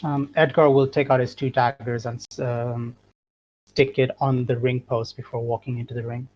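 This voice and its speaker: Brief: male player, flat monotone delivery, hesitant and polite. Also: medium pitch, moderate pace, poor audio. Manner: hesitant, polite, with many ums. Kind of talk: casual tabletop play.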